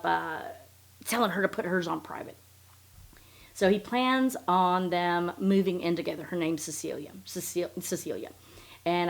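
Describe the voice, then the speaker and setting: A woman hosting a podcast, recapping a story in casual, profane, sarcastic commentary and sounding openly incredulous. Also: on the low side. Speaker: podcast host.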